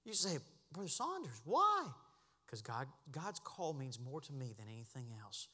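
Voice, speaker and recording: A man preaching a sermon as pastor, impassioned, dropping to a hush and then rising to a shout. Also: medium pitch, big pitch swings, normal speed, long reverb tail. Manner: impassioned, swings from hushed to shouting. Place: church sanctuary.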